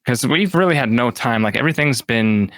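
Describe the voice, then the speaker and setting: A man's voice: mid-range voice, animated, fairly quick, a bit bright, dry recording. A man who is a tabletop game player, chatting casually in a thoughtful, tentative way. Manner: thoughtful, tentative, often unsure. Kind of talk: casual chat about a tabletop campaign.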